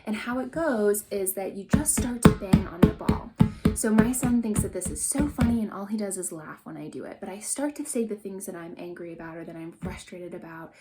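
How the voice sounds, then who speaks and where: A woman's voice: mid-range voice, fairly quick, loud music behind the voice. A young adult woman, a mother, teaching a parenting workshop on handling anger in an earnest, encouraging way, walking listeners through exercises as she does them. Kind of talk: instructional workshop talk.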